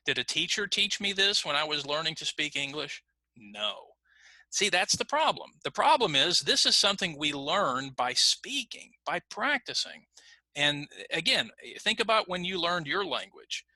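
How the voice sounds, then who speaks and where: Man, middle-aged, ESL teacher, patient explaining, animated pitch, slightly high voice. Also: moderate pace, no room sound. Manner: patient explaining, lively intonation. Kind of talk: recorded online lesson.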